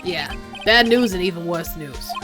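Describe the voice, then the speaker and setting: Woman doing a gruff detective who says pal. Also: on the low side, expressive, moderate pace, over music, pitched below the performer's own voice, natural voice. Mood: blunt. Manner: folksy and blunt. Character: gruff male police detective who calls everyone pal. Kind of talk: voicing video game dialogue.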